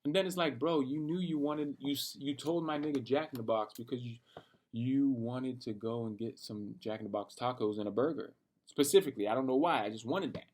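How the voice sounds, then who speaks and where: A young man telling a rambling, animated story about his night, full of slang and cursing. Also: medium pitch, a little fast. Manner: rambling and animated, talking to himself with lots of slang and profanity. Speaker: vlogger. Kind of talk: late-night personal rant.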